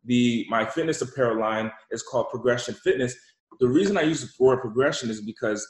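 A man telling an animated story and giving motivational talk as an interview guest, repeating himself for emphasis. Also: mid-range voice, roomy sound, poor audio. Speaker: guest, entrepreneur.

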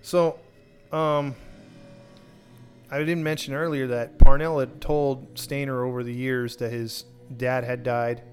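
A man at a middle pitch tells a true crime story in a loose, rambling way. He restarts often and slips into quick quoted dialogue. Faint music sits under his voice. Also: flat delivery. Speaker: podcast host telling a true crime story. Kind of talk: casual storytelling.

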